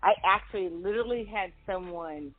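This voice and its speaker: A woman's voice: mid-range voice, normal speed. A woman in her forties telling stories in a casual interview, with a Valley girl way of talking and lots of laughter. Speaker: podcast guest. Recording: tinny phone-like line.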